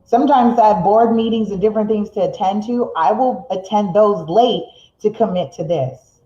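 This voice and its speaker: Seated in an indoor room, a middle-aged woman with a mid-range voice leads a live motivational stream. She reads viewer comments out loud and laughs frequently, quickening when excited and slowing for emphasis. The audio is roomy and a little dull.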